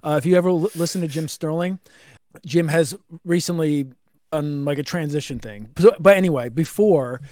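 A young man co-hosting a podcast with a fairly high voice, swearing freely and rambling through fillers as he reads notes aloud. The recording is close and dry. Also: normal speed, darkish tone, no echo. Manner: profane, rambling with many fillers. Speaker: podcast co-host. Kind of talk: casual chat reading notes.

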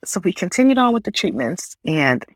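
A woman's voice: lowish voice, very animated, normal speed, dry recording. A young woman hosting a podcast, telling a personal faith testimony in an earnest, emotional, conversational way. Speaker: podcast host. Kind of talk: personal testimony, casual storytelling.

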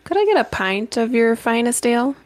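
A woman's voice: a little high, very animated, fairly quick. Woman playing a polite probing adventurer. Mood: curious.

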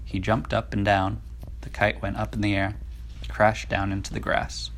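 A woman reading a children's storybook aloud to a child in a gentle, unhurried way. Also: very deep voice, level tone, slight background noise.

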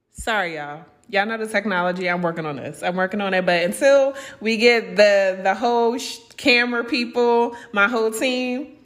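A woman's voice: medium pitch, fairly bright tone. A young adult woman hosting a podcast, talking frankly and with feeling about her own life, swearing freely and acting out what other people said to her. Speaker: podcast host. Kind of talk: candid spiritual podcast monologue.

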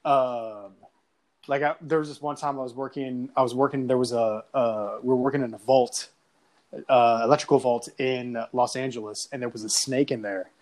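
A man's voice: mid-range voice, steady tone, moderate pace, darkish tone. A man chatting casually, rambling through stories, laughing often and slipping into impressions. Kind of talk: casual chat.

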